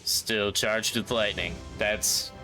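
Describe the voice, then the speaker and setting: A man voicing a gruff, world-weary hard-boiled male detective with a clipped, growling drawl. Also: on the low side, fairly even intonation, takes it slowly, over music, pitched below the performer's own voice.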